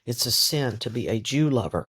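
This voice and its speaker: A man's voice: mid-range voice, expressive, normal speed, fairly bright tone, slightly rough. A man reading the lines of a hostile, bullying drunken village man in an audiobook. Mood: sneering. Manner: sneering, bullying.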